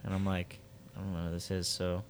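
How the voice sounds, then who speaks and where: A man's voice: deep voice, completely flat delivery, a little fast, very noisy. A young man co-hosting a podcast, telling a long story in a rambling, casual way with lots of fillers and acted quotes. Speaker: podcast co-host.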